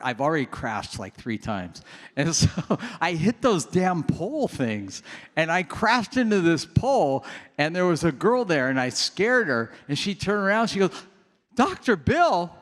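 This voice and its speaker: A man's voice: fairly high pitch, expressive, a little slow, a bit bright. A man hosting a program, telling casual, self-mocking anecdotes to a live audience before introducing a coach. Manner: chatty, anecdotal, laughs at himself. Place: large room with an audience. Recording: long reverb of a large hall.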